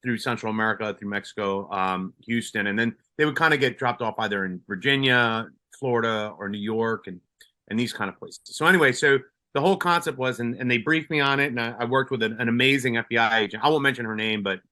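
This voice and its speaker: Bright-voiced man telling a story. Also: mid-range voice, fast talker. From Colombia. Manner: animated storyteller with many restarts and fillers. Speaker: retired police sergeant, guest. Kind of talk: casual storytelling interview.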